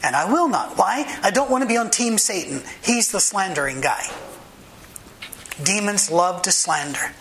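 A man's voice: sits high, lively intonation, moderate pace, bright, forceful tone, slight background noise, low-quality recording. A man pastor delivering a sermon, mixing humorous anecdotes and asides with short, emphatic commands.

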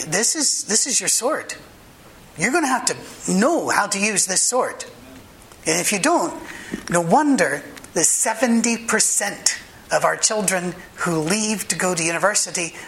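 A man's voice: high-pitched, gravelly, a bit bright, slight background noise, poor audio. A man pastor delivering a sermon, mixing humorous anecdotes and asides with short, emphatic commands.

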